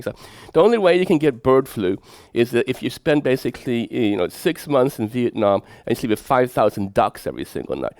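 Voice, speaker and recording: A middle-aged man, giving a lecture as a professor, telling lively anecdotes and putting rhetorical questions to his audience. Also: on the low side, dry recording, studio quality. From Sweden.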